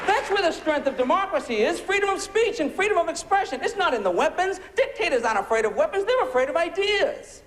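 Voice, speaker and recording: A man's voice: very high-pitched, sing-song, fast talker, few pauses, crowd noise, background noise. A man doing a biting, sarcastic stand-up routine, firing off punchy rhetorical questions before a laughing audience. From United States. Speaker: stand-up comedian. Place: comedy club stage before a laughing audience.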